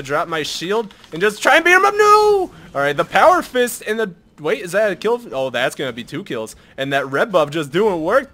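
Young guy doing live game commentary at his pc, bright voice, swears and yells when stuff happens. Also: mid-range voice. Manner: excitable, bursts into loud shouts at big plays; swears and jokes casually, mutters to himself while shopping. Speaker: gameplay commentator.

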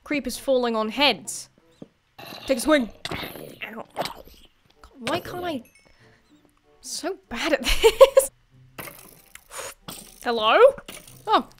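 A woman giving casual gameplay commentary as a YouTuber, chatty and excitable, laughing often and talking to the creatures on screen. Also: high-pitched, slow, pauses often. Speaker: gaming YouTuber.

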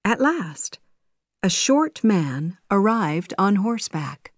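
A woman narrating a children's storybook in a clear, measured way. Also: medium pitch, sing-song, no echo, clean studio sound. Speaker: audiobook narrator. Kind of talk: scripted storybook narration for learners.

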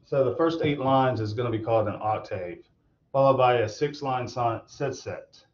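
Male tutor, mid-pitched, loose and halting delivery with fillers, dull lo-fi recording. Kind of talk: recorded online lecture.

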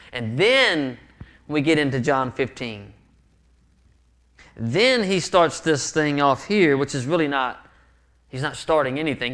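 A man's voice: a little high, a bit bright. Earnest male pastor preaching. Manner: earnest, repeats words when emphatic. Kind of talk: sermon. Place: church sanctuary.

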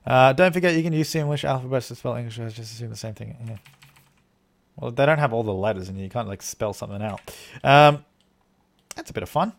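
A man's voice: mid-range voice, fast, gravelly. Man rambling through live game commentary. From Australia. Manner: rambling, thinking aloud while playing; thanks viewers for donations. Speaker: game streamer.

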